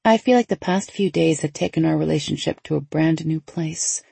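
Gravelly, husky woman reading a novel. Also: low voice, normal speed, no room sound. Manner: lively, conversational inner monologue. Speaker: audiobook narrator. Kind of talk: first-person novel narration.

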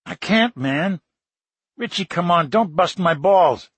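A man voicing an excited, secretive young Brooklyn man with a Brooklyn accent. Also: sits high, takes it slowly, husky, no room sound, voice pushed up, full character voice. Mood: excited teasing.

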